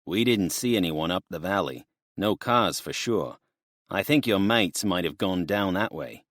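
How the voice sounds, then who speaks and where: A man's voice: sits low, animated, unhurried, a bit bright, dry recording, studio quality, full character voice. A man voicing a jovial bearded truck driver from the backwoods, speaking in an exaggerated drawl.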